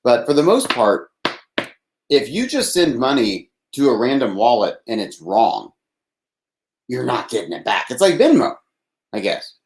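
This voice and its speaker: A man's voice: mid-range voice, very animated, measured pace, roomy sound. A man from Texas hosting a live nightly call-in show, rambling and laughing as he talks casually. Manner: rambling, laughs often, swears. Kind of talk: casual live-stream monologue.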